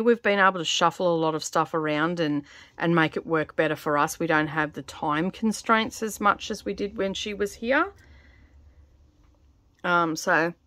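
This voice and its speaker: A middle-aged Australian woman talks casually while she works, rambling with plenty of ums and a slightly croaky edge. Her voice sits on the low side. The recording is dry, with little room sound. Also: fairly bright tone, no room sound. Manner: rambling, filler-heavy, chatty. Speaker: cross-stitch vlogger. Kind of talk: casual chat while stitching. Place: home craft studio. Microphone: camera on tripod.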